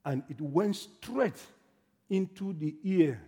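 Dramatic male preacher from Africa, high husky voice, very lively, long hall echo. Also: takes it slowly. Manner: dramatic storytelling, swings from hushed to shouting. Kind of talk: sermon. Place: church in America.

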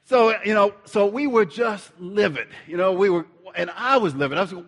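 A middle-aged man preaching, telling a lively story and acting out the dialogue. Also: high-pitched, moderate pace, hardly any pauses, long reverb tail. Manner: animated storyteller, acts out dialogue. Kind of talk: storytelling sermon.

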